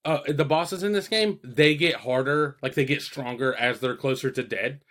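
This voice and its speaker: Male podcast co-host, mid-pitched, easygoing, swears casually in conversation. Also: normal speed, a bit bright. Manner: laid-back, profane, laughs through stories. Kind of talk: casual chat.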